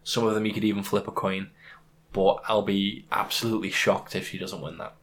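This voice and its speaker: A man's voice: lowish voice, little pitch movement, brisk, a bit bright. A man co-hosting a podcast, talking casually about fights and making emphatic points with examples. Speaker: podcast co-host. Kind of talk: casual MMA chat.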